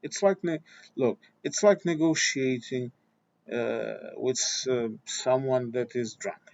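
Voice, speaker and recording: A man of middle pitch vents to his viewers in a blunt, exasperated rant, swearing freely and stumbling over restarts. The sound is dull and lo-fi, like a simple home recording. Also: slow pace, vocal fry, a little mellow. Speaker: vlogger. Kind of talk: opinion rant to camera.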